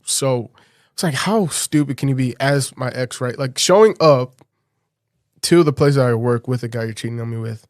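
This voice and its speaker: A man recounts a personal story in a relaxed podcast conversation. His voice sits in a middle register. It is recorded close and dry, with almost no room sound, and he laughs often as he talks. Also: mid-range voice, moderate pace, no room sound. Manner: animated, laughs often while telling a story. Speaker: podcast guest. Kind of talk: casual storytelling.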